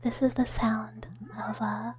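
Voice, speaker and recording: A woman streamer doing a whispered role-play, chatting softly with viewers in a breathy whisper and giggling often. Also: fairly high pitch, level tone, a little slow, slight background noise. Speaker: ASMR streamer.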